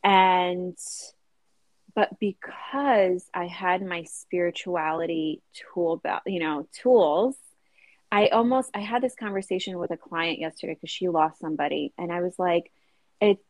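A woman's voice: on the low side, a little mellow, no echo. A woman in her thirties talking as an interview guest, chatty and casual, with lots of "like" and "you know" fillers.

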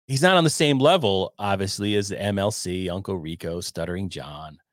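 A man's voice: low-pitched, brisk, no echo, studio quality. A man hosting a casual livestream, rambling loosely, swearing and reading viewer donations aloud. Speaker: podcast host reading chat.

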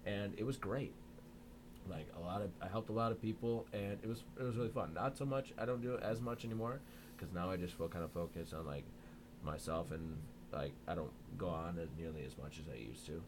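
A man's voice: low voice, brisk, noisy background. A young man chatting casually as a podcast guest, rambling with lots of filler words and restarts.

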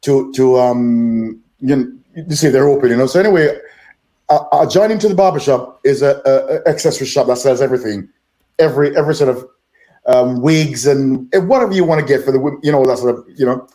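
A man's voice: medium pitch, a little fast, dark tone. An older man with a British accent, a guest musician telling stories in a podcast interview, rambling and repeating words and acting out the dialogue. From Jamaica.

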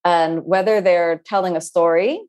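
A woman yoga teacher speaking in an interview, earnest and searching, with frequent pauses and restarts. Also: fairly low pitch, fairly even intonation, a little mellow, smooth. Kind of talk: reflective interview talk.

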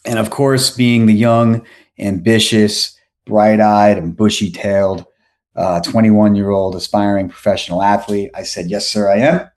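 A man's voice: lowish voice, flat delivery, unhurried, a little mellow. A man from New York telling a story as a podcast guest, rambling with lots of fillers and restarts. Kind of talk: casual storytelling.

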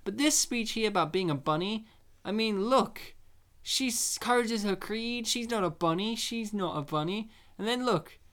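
A man's voice: high-pitched, lively intonation, moderate pace, a bit bright. Podcast co-host, male, loose and jokey, swears and laughs a lot. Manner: joking, swearing, laughing often. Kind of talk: casual film commentary chat.

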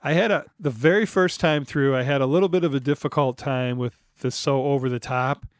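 Excitable man laughing through film talk. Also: medium pitch, brisk, clear, resonant tone, no echo, studio quality. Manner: enthusiastic, laughs often. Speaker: podcast co-host. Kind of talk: casual film discussion.

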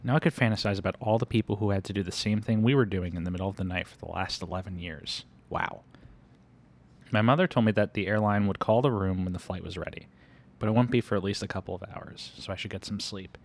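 A man reading a first-person story aloud at a brisk clip. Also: low voice. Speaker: audiobook reader.

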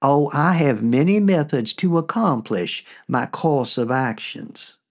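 A man voicing the courtly, soft-spoken ghost of a 19th-century male poet, with a Southern drawl. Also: fairly high pitch, animated, slow. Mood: formal.

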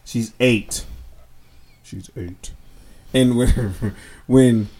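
Un hombre que charla de forma relajada y bromista en una conversación casual, a veces con suspiros. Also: male voice, medium pitch, drawn-out words, a little mellow. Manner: jokey, laid-back, trails off with sighs. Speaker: podcast co-host. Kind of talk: casual chat.

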